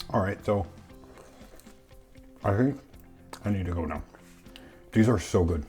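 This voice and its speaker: A man's voice: deep voice, measured pace, long pauses, darkish tone, slightly rough, faint music behind. A man hosting a casual home cooking vlog, joking and talking to himself while he bakes and eats. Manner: playful, jokey, talks to himself while cooking; eating and chewing while talking. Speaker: cooking channel host.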